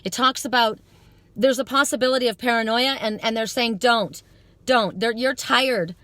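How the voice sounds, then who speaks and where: A woman's voice: on the high side, steady tone, moderate pace, sharp tone, dry recording. A woman giving a live psychic card reading to her viewers outdoors at dusk, talking in an earnest, rambling, spiritual way.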